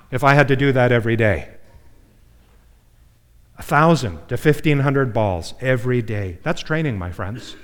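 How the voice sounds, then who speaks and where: Man preaching a sermon in an echoing hall. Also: medium pitch. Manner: conversational preaching with frequent "my friends" and "okay?". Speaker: pastor. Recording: long hall reverb.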